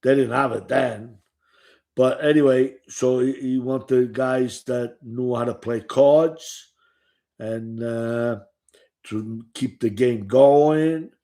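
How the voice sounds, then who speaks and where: A man's voice: mid-range voice, steady tone, slow pace, warm tone. An older man telling stories from his past in a rambling, profane, casual way, often saying "you know.". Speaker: former gambler recounting his past. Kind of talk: casual storytelling.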